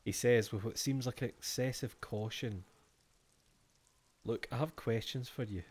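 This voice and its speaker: A man's voice: medium pitch, measured pace, darkish tone, husky. Man, game streamer, reads on-screen text aloud, swears, casual asides. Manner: profane, laughing asides between read-outs.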